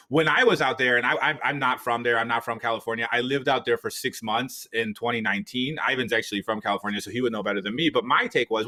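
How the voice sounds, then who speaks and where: A man from the US East Coast co-hosting a political podcast, animated in casual talk and acting out people's voices in his stories. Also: mid-range voice. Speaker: podcast co-host.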